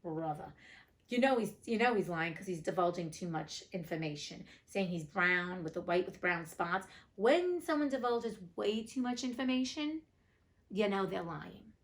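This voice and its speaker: A woman's voice: medium pitch, animated, normal speed, low-quality recording. A woman hosting a fairy tale reading, narrating and breaking off for blunt, chatty asides with some swearing. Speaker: reader and host.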